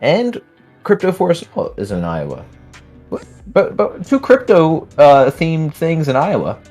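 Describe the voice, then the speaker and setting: A man's voice: on the high side, sing-song, unhurried, darkish tone, faint music behind. A man hosting a live trading stream, chatting casually while reading viewer comments aloud and laughing often. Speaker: livestream host.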